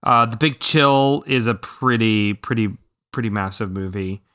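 A man in a casual podcast chat about movies, his voice bright and forward with a smooth, clean tone. He talks eagerly, piling up ums and restarting his sentences as he goes. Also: lowish voice, unhurried. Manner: enthusiastic, with frequent ums and restarts. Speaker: podcast co-host.

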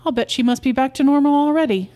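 A woman reading a story aloud and voicing an eager, insistent husband who coaxes and boasts in a raised, lively voice. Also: sits high, fast talker, voice pushed up, lightly acted. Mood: delighted. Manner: bright, insistent, wheedling. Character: eager excitable husband, middle-aged man.

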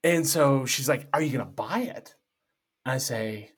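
Middle-aged male guest, lively jokey storyteller, conversational. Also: mid-range voice, measured pace, husky. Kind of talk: casual storytelling.

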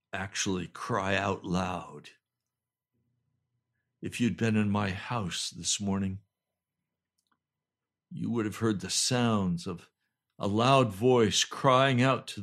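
An older male pastor, slightly hoarse, preaching a fervent sermon that swings between loud pleading cries and low, intense urging. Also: steady tone, takes it slowly, pauses often. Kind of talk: impassioned home sermon video.

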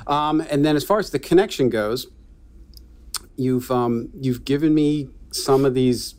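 A man's voice: mid-range voice, measured pace, darkish tone. Hesitant man co-hosting a podcast. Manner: hesitant, many restarts. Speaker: podcast co-host. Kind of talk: casual chat.

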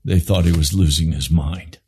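A man preaching an impassioned sermon, swinging from low grave tones to high urgent pleading. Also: fairly even intonation, normal speed, darkish tone, breathy edge.

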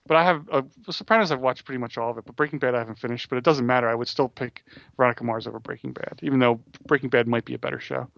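A man co-hosting a casual podcast chat, rambling quickly with frequent restarts. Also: medium pitch, steady tone, gravelly, a bit bright, no echo. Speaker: podcast co-host. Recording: dull dry close-mic audio.

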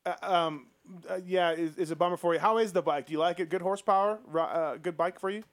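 A man's voice: high voice, fast talker. A man hosting a radio talk show, loose and joking, with many fillers. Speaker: host. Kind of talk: casual radio chat.

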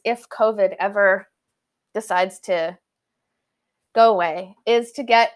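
A woman from Canada speaks as a guest author on a conversational show. Her pitch sits in the middle range for a woman. She tells her story in animated bursts and often restarts her sentences. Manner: animated, tumbling retellings with frequent restarts.

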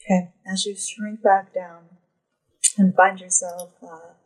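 A woman narrating a tabletop role-playing game as game master, describing scenes at an unhurried pace. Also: medium pitch, level tone, slightly rough, low-quality recording.

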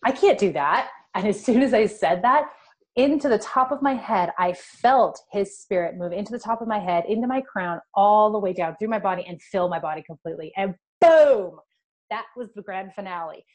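A middle-aged woman from California, a guest in an interview, tells a personal spiritual story with animation and emotion. Her voice is medium-pitched and she speaks at normal speed.

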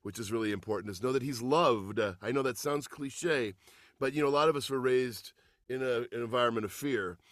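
A middle-aged man and voice actor chatting as an interview guest, lively and prone to acting out quotes. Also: medium pitch, brisk, no echo, studio quality. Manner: animated, slips into voices and shouts for quotes. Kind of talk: casual interview chat.

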